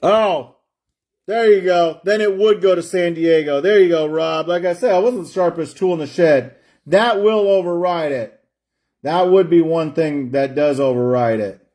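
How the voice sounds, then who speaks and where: A man with a fairly high voice hosts a live card break stream. He chats in a loose, rambling way and stretches out each player's name as he reveals it. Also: moderate pace, darkish tone. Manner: chatty, rambling, drawls out player names while opening packs.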